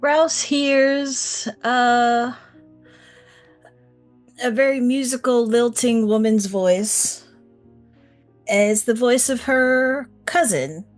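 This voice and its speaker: A woman speaking as a player in a tabletop game, musing and unhurried. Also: on the high side, fairly even intonation, soft background music. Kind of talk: tabletop role-play chat.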